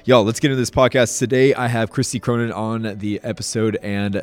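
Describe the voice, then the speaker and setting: A man's voice: fairly low pitch, flat delivery, fairly quick. A young man hosting a podcast, enthusiastic and upbeat, saying dude and y'all a lot. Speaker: podcast host.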